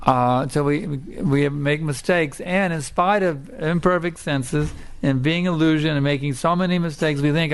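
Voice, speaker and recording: A man delivering a scripture talk with a gravelly, creaky voice. He tells it as a story, circling back to repeat his points with emphasis. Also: a little high. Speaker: preacher. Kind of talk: scripture lecture.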